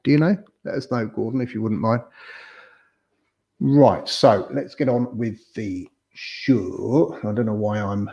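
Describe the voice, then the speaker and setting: A man's voice: lowish voice, a little mellow. Chatty man hosting a rambling livestream. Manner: chatty, rambling, reads viewer comments aloud. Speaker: property agent hosting a livestream. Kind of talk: casual livestream chat. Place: home room in Tenerife. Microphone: camera microphone on a tripod by his mouth.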